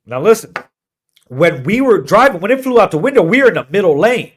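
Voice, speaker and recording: A man's voice: high-pitched, very animated, a little fast. A man on a podcast telling a long, profane road-trip story in casual chat. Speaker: podcast co-host.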